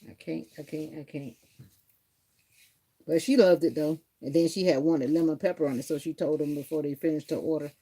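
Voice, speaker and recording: A woman's voice: sits low, fairly even intonation, fairly quick, dark tone. A woman hosting a casual livestream, rambling and chatty as she grooms her dog. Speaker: livestream host. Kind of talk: casual chat.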